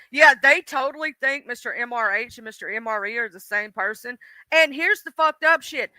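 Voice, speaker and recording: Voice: sits high, unhurried, bright, forceful tone, no room sound. A livestream host ranting bluntly and profanely, speaking straight to the audience. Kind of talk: casual livestream rant.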